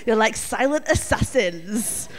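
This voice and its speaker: A woman's voice: fairly high pitch, expressive, slow pace. A woman compering at a comedy club, teasing the audience and introducing the acts. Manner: teasing, playful. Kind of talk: hyping the crowd between acts.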